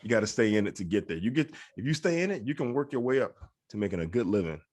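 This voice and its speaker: Middle-aged man, low-pitched, easygoing podcast co-host. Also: very animated, quick pace, a little mellow. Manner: laid-back, swears casually, says "right?" a lot. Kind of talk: casual chat.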